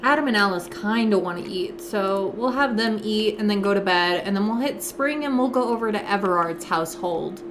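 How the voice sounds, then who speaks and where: A woman's voice: medium pitch, normal speed, few pauses, a little hiss or hum. A young woman live-streaming a game from home, chatting to viewers as she walks them through each step. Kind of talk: live gameplay commentary.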